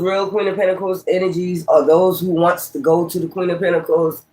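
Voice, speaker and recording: Man, high voice, Brooklyn accent, profane and combative, casual tarot rant. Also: a little mellow. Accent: Brooklyn, New York. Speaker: tarot reader.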